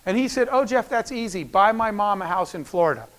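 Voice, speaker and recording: A man's voice: high voice, animated, fairly quick, a bit bright. A middle-aged man giving a storytelling business talk, acting out the dialogue he quotes. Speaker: keynote speaker.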